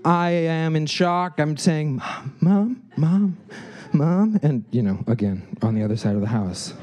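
Brief: male storyteller, mellow tone, animated, slips into quoted voices. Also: moderate pace. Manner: animated, acts out quotes with shifting pitch. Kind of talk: personal storytelling.

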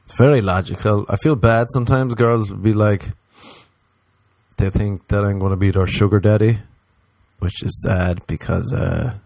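A man's voice: fairly even intonation, normal speed, vocal fry, darkish tone, no echo. Profane Irish man telling stand-up stories. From Ireland. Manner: rambling, profane, mocks others in put-on high voices. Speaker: stand-up comedian. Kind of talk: stand-up comedy storytelling.

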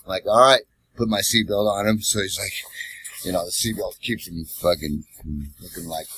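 A man's voice: sits low, normal speed, husky, no room sound. A man telling a wild cab-driving story in casual, profane chat, acting out the voices of the people in it. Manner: profane, animated, acts out voices in his stories. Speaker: podcast co-host, former cab driver.

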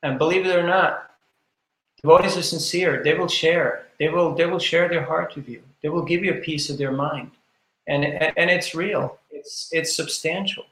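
A man's voice: fairly high pitch, sharp tone. A man who is a guest on a podcast, telling earnest anecdotes and often repeating himself. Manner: anecdotal, earnest, frequent repetitions. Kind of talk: storytelling interview talk. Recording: echoey room.

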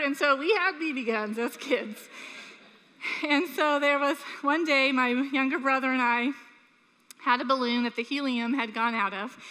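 A woman preaches with a high, bright voice that rings out across a church hall with a long reverb. She tells a childhood story with animated energy, then turns to earnest appeals to her listeners. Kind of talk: sermon with personal story.

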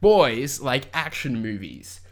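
A young man hosts a casual podcast conversation. His pitch sits in the middle range. He rambles through his questions, stacks up fillers and laughs often. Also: very animated, slow pace. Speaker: podcast host. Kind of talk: casual chat.

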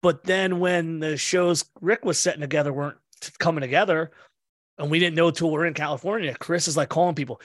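A man with a fairly high voice tells a rowdy road story in casual podcast talk. He swears often and jumps into the voices of the people he quotes. The sound is close and dry. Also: a little fast, dry recording. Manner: animated storyteller, swears a lot, acts out quotes. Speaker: podcast host. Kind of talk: casual conversation.

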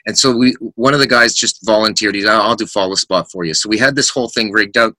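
A middle-aged man, a musician guest, telling lively anecdotes in casual chat and acting out the voices of people in them. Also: on the low side, fast, dry recording. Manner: animated anecdotes with quoted voices.

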